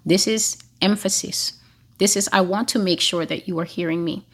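A woman's voice: on the low side, steady tone, normal speed. A woman giving a prophetic teaching monologue, emphatic and repeating phrases for stress.

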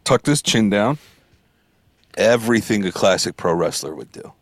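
Low-voiced dude teasing his buddy, voice jumps around a lot, dry close mic. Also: moderate pace, dry recording. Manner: teasing, lively, playful banter. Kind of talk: casual chat.

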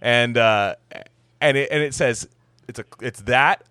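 A man's voice: mid-range voice, unhurried, pushed and bright, clean tone, no room sound, studio quality. A man in joking casual chat about politics, slipping into mock voices for laughs.

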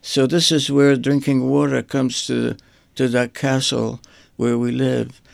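Older man with a gravelly, flat voice. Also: medium pitch, no echo. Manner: halting, repeats words while searching for them. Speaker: artist guest. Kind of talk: rambling personal reminiscence.

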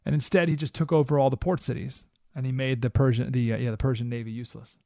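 A man hosting a talk radio show, delivering an animated monologue and acting out quoted voices with sudden jumps in pitch. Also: fast, hardly any pauses, dry recording, studio quality.

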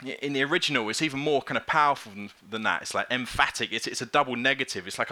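Man, preacher, casual lively sermon, bright tone, mid pitch. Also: fast, few pauses. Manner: lively, conversational preaching with acted-out quotes.

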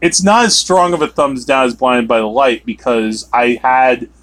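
A man co-hosting a movie review podcast, talking in a rambling, animated way with sudden emphatic outbursts. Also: mid-range voice, moderate pace. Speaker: podcast co-host. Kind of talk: casual movie review chat.

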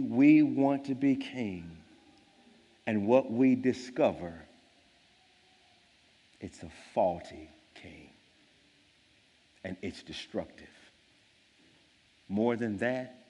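A man's voice: lowish voice, warm tone, in a large hall, dull audio. A man preaching a sermon as a pastor, telling a story in an earnest, emphatic way.

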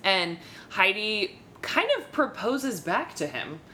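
A woman's voice: mid-range voice, big pitch swings, slow, bright, forceful tone, slight background noise. A woman co-hosting a podcast, recapping a reality show from her notes in a sarcastic, casual way and swearing now and then. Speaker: podcast co-host.

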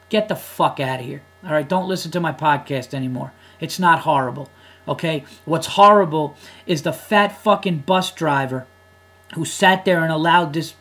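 A man's voice: fairly high pitch, fairly bright tone. A man hosting his podcast as a comedian, ranting casually with heated, profane emphasis.

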